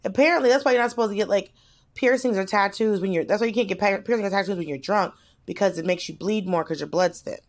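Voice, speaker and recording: A woman co-hosts a loose comedy podcast, spilling personal stories with lively energy and blunt language. She talks in quick bursts and shifts readily between excitement and reflection. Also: mid-range voice. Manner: animated, candid storytelling with swearing and quick bursts. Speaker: podcast co-host. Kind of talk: casual comedic podcast chat.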